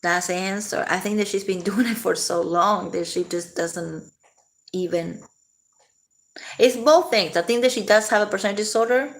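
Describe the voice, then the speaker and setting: A woman's voice: mid-range voice, moderate pace. A woman vlogging casually, rambling and laughing often as she talks. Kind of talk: casual commentary to camera.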